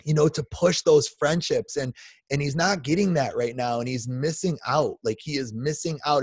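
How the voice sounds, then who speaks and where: A man's voice: medium pitch, fairly quick, slightly rough, no echo. Guy around 40 going off on a passionate rant, lots of restarts, dry close sound. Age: 40s. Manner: passionate, emphatic, many restarts and repeats. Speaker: podcast guest. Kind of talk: impassioned rant.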